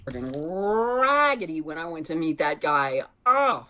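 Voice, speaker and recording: Woman, storytime vlogger, candid, conversational, lowish voice. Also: big pitch swings, slow pace, sharp tone. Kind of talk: chatty storytime vlog.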